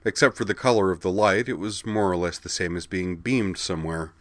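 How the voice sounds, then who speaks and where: A man narrating a fantasy story in a steady, even reading voice. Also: low voice, fairly quick, dry recording.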